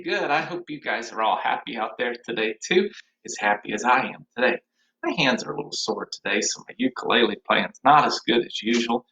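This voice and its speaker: A man teaching an online music class for young children, cheerful and encouraging, now and then dropping into high and low puppet voices. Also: lively intonation, brisk, highs cut off. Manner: cheerful, encouraging, speaks to small kids.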